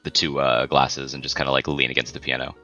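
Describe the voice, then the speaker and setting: A man's voice: very deep voice, little pitch movement, quick pace, sharp tone, dull audio, soft background music. A man playing a tabletop game, talking hesitantly with lots of "like" and "uh". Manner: hesitant, full of "like" and "uh". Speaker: player. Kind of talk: casual tabletop play.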